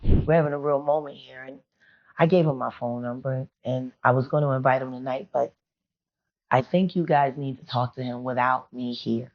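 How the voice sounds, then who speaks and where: A woman's voice: a bass voice, fairly even intonation, moderate pace, faint music behind. A woman guest on a podcast, telling a personal story in a rambling, confiding, emotional way. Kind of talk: candid storytelling interview. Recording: muffled lo-fi sound.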